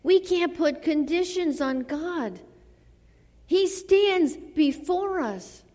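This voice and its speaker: A woman with a high voice preaches a sermon in a slow, deliberate rhythm. Her delivery is dramatic, sinking to hushed phrases and then lifting into fervent calls. The sound carries a long reverb from a large hall. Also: lively intonation. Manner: slow, dramatic delivery with soft drops and rising exclamations.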